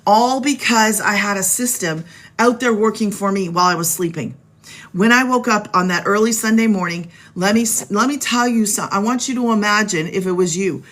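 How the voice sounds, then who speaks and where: A middle-aged woman talks to her viewers from home in a casual live stream, chatty and upbeat. Her voice sits at a medium pitch, and she speaks straight to viewers through a phone mic. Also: a little fast, a bit bright. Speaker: live stream host selling online business programs.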